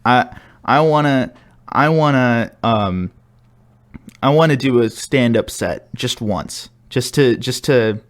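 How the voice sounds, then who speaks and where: A man's voice: mid-range voice, lively intonation, slow pace. A young man co-hosting a podcast, chatting casually, rambling and laughing as he stumbles and restarts. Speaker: podcast co-host. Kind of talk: casual chat.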